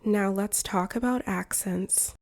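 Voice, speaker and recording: A woman from the United States, an English teacher reading a shadowing lesson in slow, carefully separated phrases. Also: medium pitch. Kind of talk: slow shadowing practice narration.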